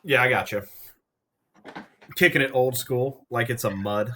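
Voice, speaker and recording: A man in his thirties running a tabletop game as game master, talking in a relaxed, jokey way with plenty of fillers. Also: medium pitch, unhurried, slight background noise.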